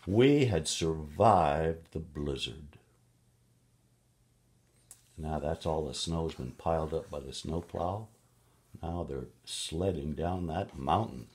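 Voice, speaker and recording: A man with a deep voice reads a picture book aloud to a child. He goes slowly and playfully, adding gasps and tooting sound effects between pages. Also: a little mellow.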